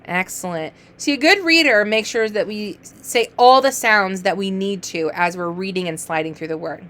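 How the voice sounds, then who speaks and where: A woman teaching early reading to young children, drawing out letter sounds and cheering each word with playful, sing-song praise. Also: mid-range voice. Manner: encouraging, sing-song, playful praise with gasps and exaggerated excitement; slow, drawn-out letter sounds.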